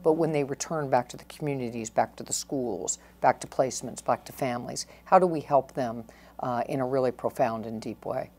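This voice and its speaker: A middle-aged woman, a county probation chief, answering interview questions in an earnest, measured way with frequent restarts. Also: extremely low pitch, a little mellow, slightly rough.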